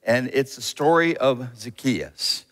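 A man, a pastor, telling a bible story to children in an animated storyteller's way. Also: medium pitch, slow pace. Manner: animated storyteller, acts out characters. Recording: long hall reverb, faint music.

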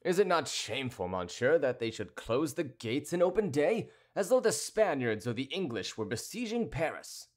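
A man's voice: mid-range voice, sing-song, normal speed, few pauses, pitched above the performer's own voice. A man playing a proud, hot-tempered cavalier. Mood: indignant. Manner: haughty, impatient, raised voice.

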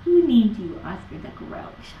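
Kitten caretaker, woman, slow sing-song baby talk, dull noisy livestream audio from across the room. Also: medium pitch, very animated, roomy sound, recorded from a distance. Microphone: room camera mic from a distance.

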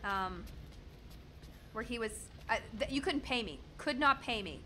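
A woman in her thirties doing jokey, excitable commentary while she plays a video game. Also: on the high side, measured pace, a little hiss or hum. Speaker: gaming streamer. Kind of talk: let's play commentary.

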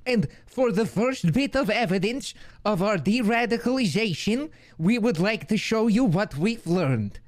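A man voicing a frantic, easily panicked old grandfather in improvised game roleplay, in a high, quavering put-on voice that shrieks and giggles. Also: lively intonation, unhurried. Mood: mock solemn. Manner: shrieks and giggles while protesting. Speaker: roleplay streamer.

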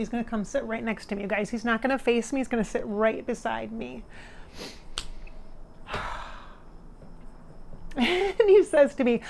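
A woman's voice: a little high, animated, moderate pace, creaky, a little hiss or hum. A middle-aged woman working as a spirit medium talks casually to her viewers. She is earnest and emotional, laughs often and tears up. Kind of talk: casual monologue during a channeling session.

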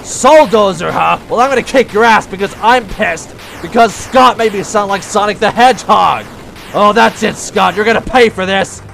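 A brash animatronic pirate fox with a high, gravelly growl and quick fits of temper, as a man acts him out. He drops into pirate speech between game chatter. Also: a little hiss or hum. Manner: pirate talk, hot-tempered, loud outbursts. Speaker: let's play gamer in character.

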